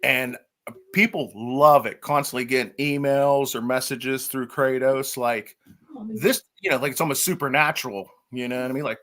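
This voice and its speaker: A man's voice: medium pitch, moderate pace, fairly bright tone. A man chatting as a guest on a casual livestream, enthusiastic and rambling, often restarting his sentences. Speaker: guest from a magnet fishing gear maker.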